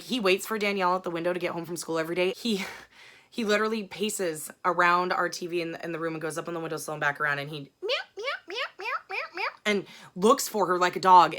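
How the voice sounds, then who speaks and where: A chatty woman with a voice that sits a little low and still has a bright, tense edge. She wanders through her stories in a frank, rambling way and swears freely, talking to her viewers like friends. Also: steady tone, fast. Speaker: book vlogger. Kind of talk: casual chat.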